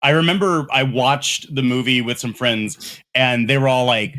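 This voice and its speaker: A man's voice: mid-range voice, steady tone, normal speed, pushed and bright. A man co-hosting a casual podcast, rambling with many fillers as he searches for words. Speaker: podcast co-host. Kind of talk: casual chat.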